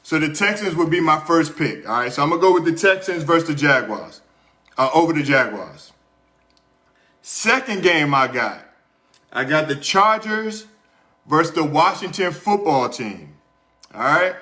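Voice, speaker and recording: Lively in intonation and pushed and bright in tone, this young man speaks at a moderate pace from the high side of his range. He's a podcast host in a small room under hot studio lights, telling an easygoing story before reviewing his sports picks, chatty and repetitive with his viewers.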